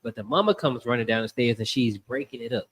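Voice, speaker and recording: A man hosting a casual podcast, telling stories in an animated way and acting out the voices of the people in them. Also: medium pitch, quick pace, slight background noise. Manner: animated storytelling, acts out voices. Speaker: podcast host.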